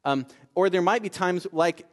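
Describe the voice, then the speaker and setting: High-voiced preacher in an echoing hall. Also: male voice, moderate pace. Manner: animated storytelling with frequent repetitions. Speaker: pastor. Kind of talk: sermon. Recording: reverberant hall.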